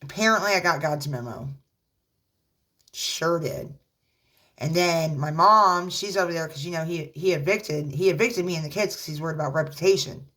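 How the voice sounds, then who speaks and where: A woman, a mother, talking casually to her viewers in a rambling, halting way with lots of fillers, earnestly offering religious encouragement. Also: low-pitched, fairly bright tone. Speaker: vlogger. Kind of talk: casual talk to camera.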